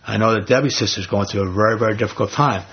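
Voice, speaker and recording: A man's voice: on the low side, racing, husky, lo-fi sound. A man leading an informal Bible study. He retells scripture in everyday speech and keeps asking the group rhetorical questions.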